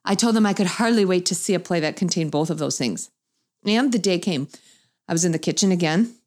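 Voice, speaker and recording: Animated middle-aged woman telling stories. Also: a little fast. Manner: animated, acts out quoted voices with big pitch jumps. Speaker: mother telling a family story. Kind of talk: humorous storytelling talk to an audience.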